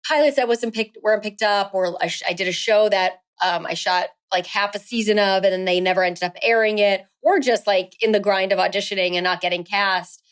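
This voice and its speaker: A woman's voice: mid-range voice, brisk, few pauses, smooth. An actress in her thirties chatting as a guest in an interview, filling her speech with "um" and "like.". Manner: chatty, many fillers like "um" and "like". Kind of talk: casual interview chat.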